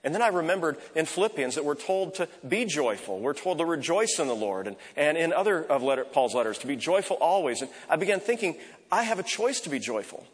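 A man preaching a sermon as pastor, conversational, softly repeating short prayer phrases. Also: fairly high pitch, very animated, fairly quick, slightly rough. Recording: echoey hall reverb.

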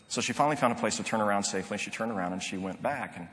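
A man's voice: lowish voice, racing, few pauses, a bit bright. A middle-aged man preaching a sermon, telling a story in an earnest, conversational way with frequent restarts. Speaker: pastor. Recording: long reverb of a large hall.

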